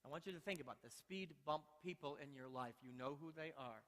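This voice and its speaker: Male pastor, sermon, high-pitched bright voice, playful storytelling, long church reverb. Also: fairly quick. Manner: lively storytelling, playful, exhorting. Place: church sanctuary.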